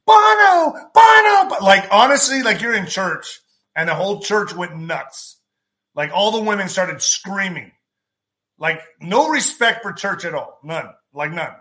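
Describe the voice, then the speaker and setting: A man with a fairly high, bright voice tells a story on his podcast. He talks casually and with energy, acting out what people said and dropping curse words as he goes. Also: unhurried. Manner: animated, acts out quotes, swears. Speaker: podcast host.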